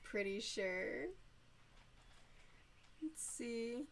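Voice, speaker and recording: Casting note: youthful-sounding woman, slightly high voice, giggly casual streamer chatter. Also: expressive, extremely slow, slight background noise. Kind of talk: casual chat while crocheting.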